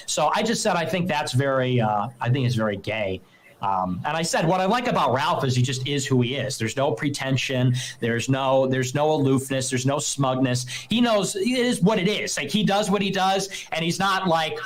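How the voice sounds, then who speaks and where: Man, livestream host, higher voice, casual emphatic rant, mocking asides. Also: animated, normal speed, rough recording. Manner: emphatic, mocks others in put-on voices.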